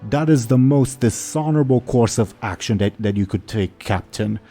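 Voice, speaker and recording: A man's voice: mid-range voice, normal speed, mellow, faint music behind, close to an everyday voice. A man voicing a stern old male orc first officer in a tabletop game. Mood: reproachful.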